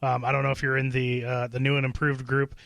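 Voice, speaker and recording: A man's voice: mid-range voice, monotone, fast, vocal fry, fairly bright tone, no echo. A man co-hosting a talk radio show, hesitant, with many fillers and frequent chuckles. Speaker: radio co-host. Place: radio studio. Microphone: studio microphone.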